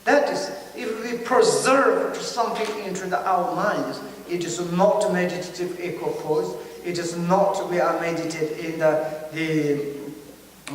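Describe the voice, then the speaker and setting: High-voiced man teaching in an echoey hall. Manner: halting, searching for words in non-native English. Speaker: Buddhist teacher. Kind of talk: dharma teaching. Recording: very echoey hall, mic far off, faint noise.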